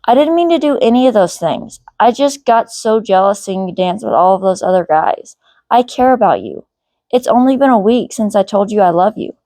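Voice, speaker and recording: A jealous teenage ex-boyfriend begs to be taken back, as a woman reads him aloud. His voice sits a little higher than her usual reading and sounds close and dry, as in a storybook reading. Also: dark tone, no echo, natural voice.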